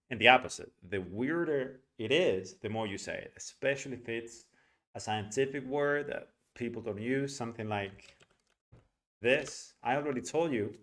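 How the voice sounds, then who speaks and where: A young man whose first language is Spanish gives a casual spoken pronunciation lesson, animated and acting out sounds as he explains them. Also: lowish voice. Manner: animated, demonstrates sounds aloud with filler words. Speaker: English pronunciation teacher.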